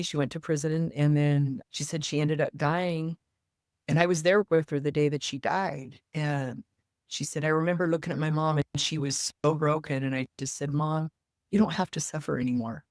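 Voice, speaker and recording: A woman's voice: low-pitched, no room sound, clean studio sound. A woman guest in an interview, earnestly telling a personal story and acting out the quoted voices of others. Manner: earnest, animated retelling with quoted dialogue.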